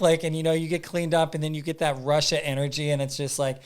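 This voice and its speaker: A man telling a story as a podcast guest in a casual, animated way, acting out his own thoughts and using lots of fillers. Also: on the high side, quick pace, hardly any pauses, clear, resonant tone. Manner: frequent "like" fillers and repeats.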